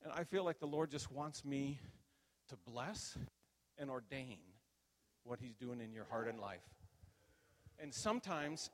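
An older man telling a playful, animated story as a sermon, acting out voices in the telling. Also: medium pitch, moderate pace. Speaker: pastor. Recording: reverberant hall.

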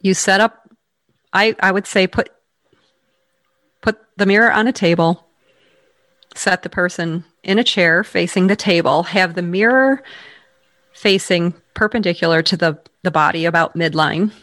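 Rehab expert explaining things quick, step by step, little restarts, dry mic. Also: medium pitch, fairly bright tone, dry recording. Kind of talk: explanatory conversation.

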